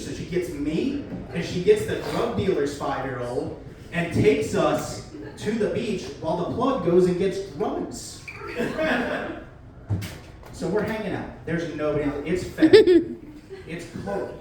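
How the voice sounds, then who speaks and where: A fairly high-pitched man speaks a little slowly in his stand-up set at a beer garden before a live crowd, bringing his story to life by acting out the quotes. The mic picks him up from a distance in an echoey venue, with slight background noise and audience laughter.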